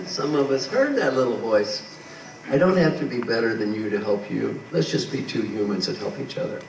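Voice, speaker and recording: A man giving a motivational talk as a leadership coach. He is animated, acts out quotes and asks the crowd rhetorical questions. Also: medium pitch, normal speed. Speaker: leadership coach speaking to an audience. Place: large hall with a live audience. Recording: echoey hall, far from the mic, noisy.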